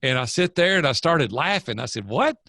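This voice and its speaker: Older male guest, gravelly, dry close mic, earnest and preachy. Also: mid-range voice, expressive, a little fast, pushed and bright, no room sound. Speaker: guest, coach. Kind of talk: casual interview storytelling.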